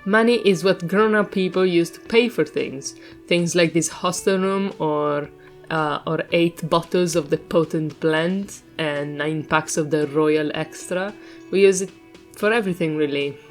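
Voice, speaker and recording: A woman's voice: deep voice, measured pace, soft background music. A woman reading the lines of a sarcastic, grumpy male hostel manager from a video game aloud. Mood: exasperated. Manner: sarcastic, scolding.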